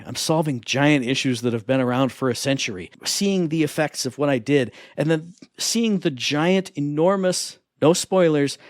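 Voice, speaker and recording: Male podcast co-host, excitable and animated, mid-pitched voice, dry close recording. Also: no room sound. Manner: enthusiastic, animated, acts out quoted voices. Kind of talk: casual chat.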